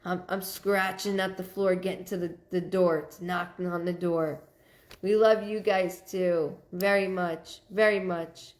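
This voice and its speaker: A woman's voice: on the low side, level tone. Woman medium chatting live to viewers. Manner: thanks viewers by name and relays messages in a searching, halting way. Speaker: psychic medium hosting a live stream.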